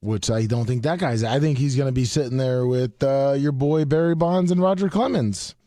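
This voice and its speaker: A man co-hosting a casual sports talk show, halting, with lots of restarts, his voice worn from yelling. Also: mid-range voice, dry recording. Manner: halting, with many restarts and fillers. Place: radio studio.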